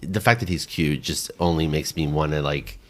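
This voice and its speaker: Podcast co-host, male, low voice, relaxed and self-deprecating chat. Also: normal speed. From California. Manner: chatty, self-deprecating, laughs easily. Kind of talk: casual chat.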